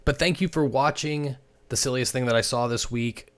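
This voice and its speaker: A man's voice: mid-range voice, moderate pace, a bit bright. A man hosting a football video, chatting casually over game clips and laughing now and then as he guesses what players said. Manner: chatty, laughs while narrating, guesses at quoted lines.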